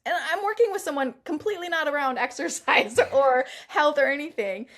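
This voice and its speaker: Middle-aged woman, interview guest, fairly high voice, animated, laughs a lot. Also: a little fast. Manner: animated, laughs often, acts out quoted lines. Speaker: performance coach, guest. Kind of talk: casual interview chat.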